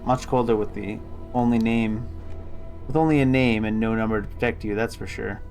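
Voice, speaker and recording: A man's voice: on the low side, normal speed, darkish tone, faint music behind, natural voice. Sly scavenger guy, folksy, calls you pet, a man reading him out. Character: sly wheedling male street scavenger.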